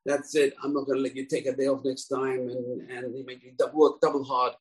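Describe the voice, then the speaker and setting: A man's voice: mid-range voice, level tone, fairly quick, lightly acted. A man voicing a resentful ox that plots revenge on the donkey. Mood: grumbling. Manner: grumbling, vengeful. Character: overworked, resentful male ox.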